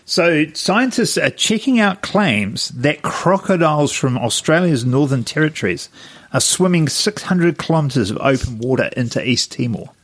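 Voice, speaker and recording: A man's voice: fairly high pitch, animated, moderate pace, slightly rough. A man, co-hosting a podcast in casual chat, laid-back as he brings up news stories. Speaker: podcast co-host.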